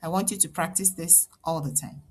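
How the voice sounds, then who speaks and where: A woman with an Igbo accent teaching a children's language lesson, repeating each word slowly so learners can echo it and encouraging them along the way. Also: low-pitched, a little mellow, breathy edge. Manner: slow, drilled repetition of words for learners to echo; encouraging, addresses children and parents directly.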